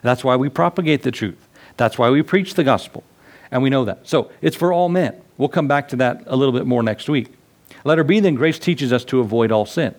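A male pastor teaching a sermon, reading scripture aloud and rising in pitch to stress his points. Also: a little fast.

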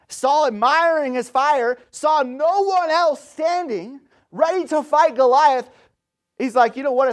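A man in his thirties preaching a sermon, telling stories in a conversational way and retelling scripture in casual slang. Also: very high-pitched. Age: 30s.

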